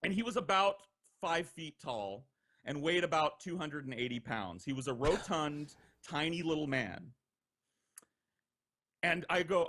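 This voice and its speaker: Animated, profane young man telling a story. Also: fairly high pitch, moderate pace. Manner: animated, profane, acts out quoted voices. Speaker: podcast regular telling stories. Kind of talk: casual storytelling.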